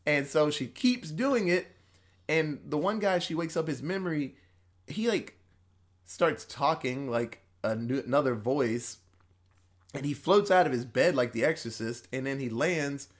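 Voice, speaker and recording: A talkative man with a slightly high voice breezes through a movie recap in loose, rambling fashion. He swears freely and drops into quick quoted lines for each character. He laughs now and then as he talks. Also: lively intonation. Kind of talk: casual movie recap chat.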